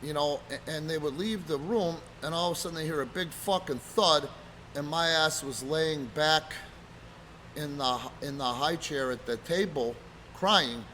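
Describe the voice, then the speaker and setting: Profane, animated man telling road stories. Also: a little high, unhurried, slight background noise. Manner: profane, animated, acts out quotes loudly. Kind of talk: casual storytelling chat.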